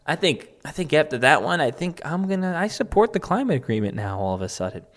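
A man's voice: on the high side, big pitch swings, fast, a bit bright. A man talking as a political commentator in casual, rambling commentary, sarcastic and mocking, with many fillers like "um" and "like". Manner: sarcastic and mocking, sometimes laughing. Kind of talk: casual commentary reading out online posts.

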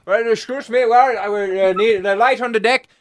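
A man's voice: high voice, steady tone, moderate pace, pitched above the performer's own voice, close to an everyday voice. A man putting on a barking Dutch ship officer. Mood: indignant. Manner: loud barking put-on accent.

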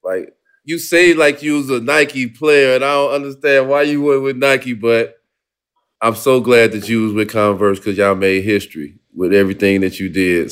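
A man with a fairly low voice asks questions in a casual chat. He laughs easily and sounds relaxed. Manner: laughs often, relaxed reactions. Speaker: podcast co-host.

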